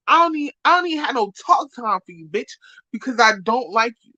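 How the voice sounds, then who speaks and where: Woman, live-stream rant, profane insults, bright sharp voice, dry close sound. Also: a little high, expressive, fairly quick, dry recording, highs cut off. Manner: profane, insulting, repetitive, swings from shouting to muttering.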